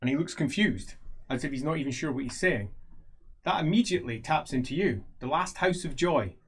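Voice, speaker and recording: A man's voice: a little high, animated, brisk, breathy edge. A man narrating a tabletop role-playing game as game master, in a playful storytelling manner.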